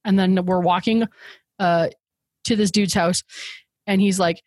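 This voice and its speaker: A woman's voice: fairly low pitch, fairly even intonation, a little slow, darkish tone, dry recording. A young woman telling a rambling story in casual chat, laughing often and acting out what others said.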